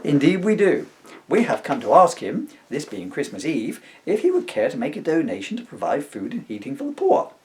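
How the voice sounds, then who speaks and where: An older man reading the part of a stiffly polite gentleman calling to collect for the poor in a comic storybook. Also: on the high side, huge pitch swings, a little fast. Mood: courteous. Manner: stiffly courteous, formal.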